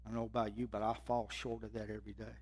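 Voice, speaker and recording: A man preaching a sermon, reading scripture with rising intensity and dropping low and quiet to drive points home. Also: level tone, racing, breathy edge.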